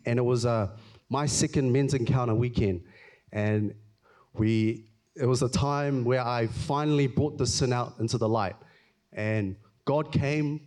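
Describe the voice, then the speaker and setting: A man's voice: medium pitch, a little mellow. Guy sharing his testimony at church, earnest, emotional, stumbles and repeats himself. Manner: earnest, emotional, often halting and repeating words. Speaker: church speaker giving testimony. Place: church hall.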